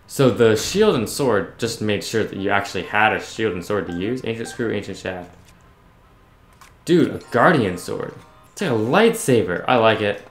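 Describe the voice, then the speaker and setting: A man's voice: lowish voice, animated, normal speed, reverberant, soft background music. A man giving casual let's-play commentary, reading game text aloud between chatty remarks. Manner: reads on-screen text aloud, chatty asides. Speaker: gaming YouTuber.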